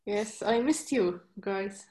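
A woman's voice: mid-range voice, slow, darkish tone. A woman from Jordan joining a live stream as an audience caller, speaking hesitantly and politely. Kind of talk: casual call-in chat.

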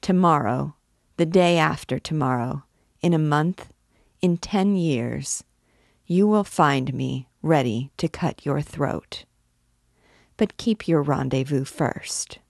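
A woman's voice: sits low, takes it slowly, creaky, darkish tone, dry recording, studio quality, full character voice. A woman voicing a sinister cloaked man with a sepulchral, cold and bitter manner.

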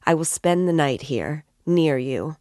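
A woman's voice: deep voice, expressive, measured pace, darkish tone, no echo, studio quality. A woman reading as an anxious tearful mother. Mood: pleading. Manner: pleading, timid.

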